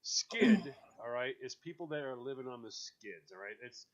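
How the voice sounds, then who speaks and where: A man hosting a radio show, chatting casually with a co-host, joking and animated. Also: mid-range voice, highs cut off. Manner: animated, joking, quick bursts of excitement; laughs often while talking.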